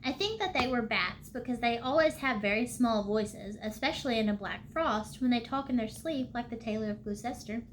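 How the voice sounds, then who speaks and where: A woman reading a storybook aloud at an unhurried pace, with small slips and the odd throat-clearing. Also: fairly high pitch, animated, a little hiss or hum. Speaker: library storytime reader.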